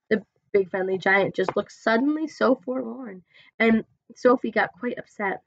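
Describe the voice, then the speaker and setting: A woman's voice: mid-range voice, normal speed, no echo, dull audio. Woman teacher reading a story aloud. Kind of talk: storybook read-aloud narration.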